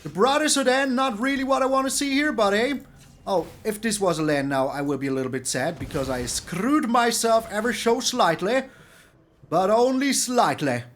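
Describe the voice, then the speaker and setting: A man giving excitable gameplay commentary on a card game, exclaiming and repeating words for emphasis. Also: very high voice. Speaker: streamer playing a card game.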